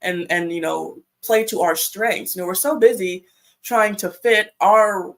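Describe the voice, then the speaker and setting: A woman speaking as a panel guest in casual chat, talkative and lively. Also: mid-range voice, a little slow. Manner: chatty, acts out quotes, laughs.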